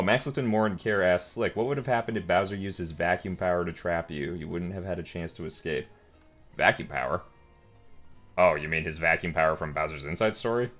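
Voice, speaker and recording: Deep-voiced man chatting on a stream. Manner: rambling, filler-heavy and laughing often. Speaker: streamer and voice actor. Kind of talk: casual live-stream chat.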